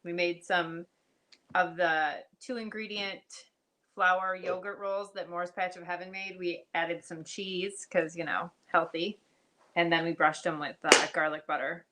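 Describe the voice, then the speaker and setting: A woman's voice: fairly low pitch, fairly even intonation, unhurried, sharp tone, slight background noise. A woman hosting a casual livestream chat, laughing often and greeting viewers by name. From United States. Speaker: livestream host.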